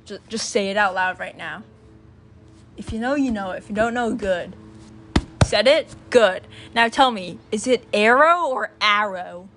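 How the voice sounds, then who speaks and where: A woman's voice: medium pitch, a little slow, long pauses, faint music behind. A woman vlogging in a casual, rambling monologue, full of fillers, who repeats sounds aloud to show how they are spoken. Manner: chatty, filler-heavy, sounds out phonetic examples. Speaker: student vlogger.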